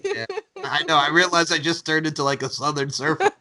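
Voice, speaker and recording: A man's voice: on the high side, a little fast, bright, forceful tone. A man hosting a podcast in casual chat, rambling with lots of likes and laughing often. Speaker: podcast host.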